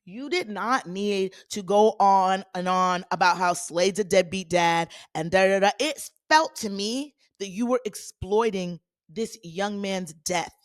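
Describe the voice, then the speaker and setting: A woman's voice: medium pitch, measured pace, no echo. Sassy woman host, dry close sound. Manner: sassy, animated, playful asides to listeners. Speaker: podcast host. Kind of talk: casual solo commentary.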